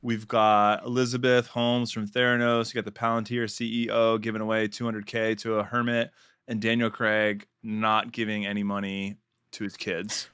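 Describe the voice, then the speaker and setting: A man's voice: lowish voice, little pitch movement, moderate pace, a bit bright, smooth, no echo, clean studio sound. A man co-hosting a casual podcast chat, joking and sarcastic, laughing often. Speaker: podcast co-host.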